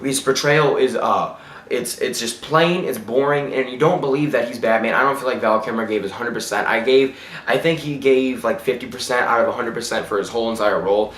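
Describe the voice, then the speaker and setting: A man's voice: mid-range voice, a little fast, a bit bright. Blunt man reviewing in an echoey room. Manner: blunt, ranting, trips over words. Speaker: movie reviewer. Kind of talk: casual opinionated review.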